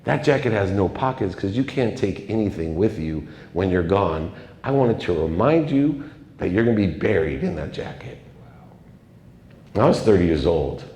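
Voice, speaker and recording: Deep-voiced man speaking in an echoing hall. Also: expressive, normal speed. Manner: confessional, emotional, dramatic swings in loudness. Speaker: keynote speaker. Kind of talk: motivational storytelling speech. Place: large event hall. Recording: echoey hall with long reverb.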